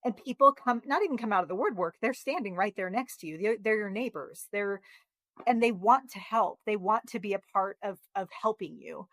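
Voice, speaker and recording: A woman's voice: medium pitch, expressive, normal speed, no echo. Encouraging woman host with a dry, close sound. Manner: warm, encouraging, reflective. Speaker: podcast host. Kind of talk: casual interview conversation.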